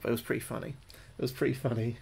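Gravelly British man streaming a game. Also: mid-range voice, level tone, racing, slight background noise. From United Kingdom. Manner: chatty, repeats his own phrases, thanks viewers between moves; jumpy and loud when spooked in the game. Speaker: gaming livestreamer. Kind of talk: live gameplay commentary.

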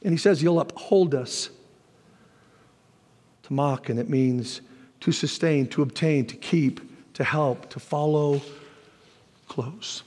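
High-voiced preaching man in a reverberant hall. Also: slow, pauses often. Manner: animated preaching, jumps to shouts when voicing God; folksy asides to the congregation. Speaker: pastor. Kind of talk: sermon.

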